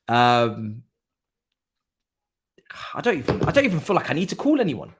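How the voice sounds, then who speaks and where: A man's voice: mid-range voice, wildly swooping pitch, normal speed, pauses often. A man hosting a live football watchalong stream, teasing, swearing and laughing at a rival club's defeat. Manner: swears freely in slangy chat. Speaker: streamer host.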